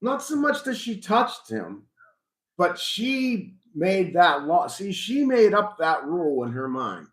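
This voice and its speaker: Middle-aged male host, slightly high voice, reflective and rambling, roomy echo. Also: sing-song, slow. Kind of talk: casual live chat about faith.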